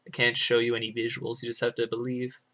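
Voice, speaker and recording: A young man rambles through casual commentary over a game run, sliding into explanations of Japanese vocabulary. His talk is loose, full of fillers, and sprinkled with swearing, in a voice of ordinary pitch. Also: monotone, quick pace, bright, forceful tone, slight background noise. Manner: explaining Japanese words like a student. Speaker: speedrunner.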